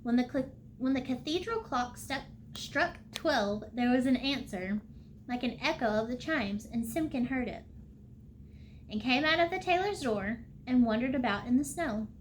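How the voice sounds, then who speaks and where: A woman reads a storybook aloud for a library storytime. Her voice sits a little high and the pace is unhurried, with small slips and the odd throat-clearing. A faint hiss runs underneath. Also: animated.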